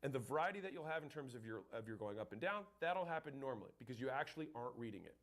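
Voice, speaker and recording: A man's voice: mid-range voice, lively intonation, very fast, a bit bright. A man who trains salespeople, teaching in a blunt, emphatic way and swearing casually. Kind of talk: instructional talk to camera.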